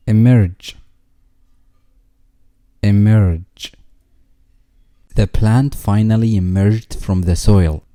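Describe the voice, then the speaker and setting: A man reading English vocabulary words twice each, followed by a slow example sentence. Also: fairly low pitch, mellow, no echo, clean studio sound.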